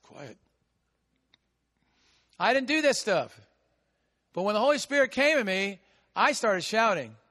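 A man preaching a sermon as pastor, with a big voice that swings from shouting to hushed asides. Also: high voice, in a large hall. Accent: American. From United States.

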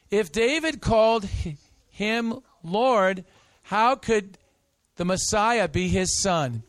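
A man preaching an interactive sermon, coaxing the congregation into call-and-response with slow, emphatic phrases. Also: high voice, fairly bright tone, no echo. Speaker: pastor.

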